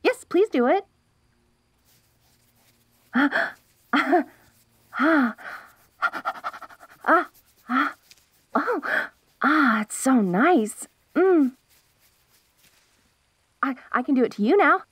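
A woman's voice: high-pitched, lively intonation, quick pace, no room sound. A young woman voicing a perky, curious wolf girl in an ASMR role-play, bubbly and giggly with restless chatter.

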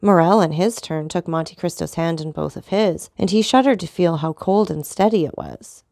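Woman narrator, lower voice, steady audiobook reading of a classic, dry close sound. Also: moderate pace, no room sound. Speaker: storyteller.

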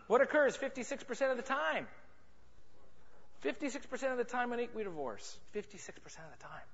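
A man's voice: sits high, fairly bright tone, a little hiss or hum. A man speaking at a seminar, joking and bantering with members of the audience. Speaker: sales and marketing speaker. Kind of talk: motivational seminar talk to a live audience. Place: large conference room. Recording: muffled reverberant hall recording.

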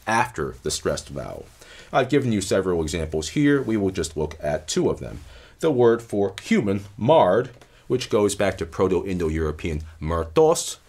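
Deep-voiced man giving an animated lecture. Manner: measured, explanatory, stressing key terms. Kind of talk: academic lecture.

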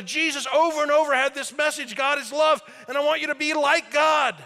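A man preaching a sermon as pastor, animated, swinging between loud emphasis and quiet asides. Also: extremely high pitch, a little fast, in a large hall. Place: church sanctuary.

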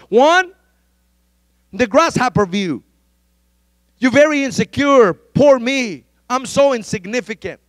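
A male pastor preaching a sermon, fervent and emphatic, repeating his exhortations and rising at times to shouted pleas. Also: extremely high pitch, no echo.

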